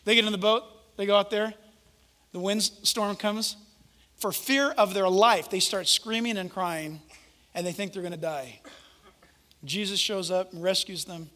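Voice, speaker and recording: A male preacher giving an animated, conversational sermon and acting out the quotes he tells. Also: high voice, unhurried. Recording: echoey hall reverb.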